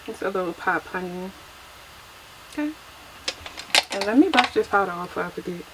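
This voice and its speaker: A woman's voice: mid-range voice, expressive, moderate pace, heavy background noise. Chatty young woman doing her makeup. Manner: chatty and self-deprecating, laughs often. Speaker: beauty vlogger. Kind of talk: casual get-ready-with-me chat.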